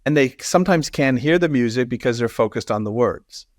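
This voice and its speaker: A man's voice: medium pitch, lively intonation, brisk, no room sound, studio quality. A man speaking as a guest expert in a podcast interview, explaining through personal stories and laughing easily.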